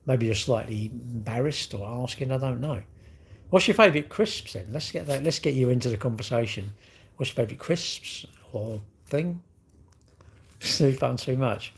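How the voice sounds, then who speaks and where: A man's voice: mid-range voice, moderate pace, slightly rough. A middle-aged man, rambling through casual live-stream chat and answering viewers' comments with strong opinions. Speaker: livestream host.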